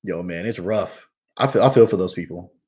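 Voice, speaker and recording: Laid-back slangy guy, lowish voice. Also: normal speed, a little mellow. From New Jersey. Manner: slangy, laid-back, calls people bro and man. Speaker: host answering viewer questions. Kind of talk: casual live Q&A chat.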